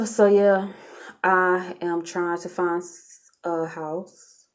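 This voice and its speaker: A woman's voice: lowish voice, very slow. A woman vlogging in a casual, chatty way, talking straight to her viewers and laughing often. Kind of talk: casual storytelling vlog.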